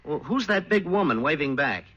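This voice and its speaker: A man's voice: fairly high pitch, sing-song, normal speed, sharp tone, slightly rough, muffled recording. A man doing 1940s radio comedy acting, goofy and bumbling, often breaking into laughs. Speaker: comedian star. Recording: old radio broadcast with faint noise.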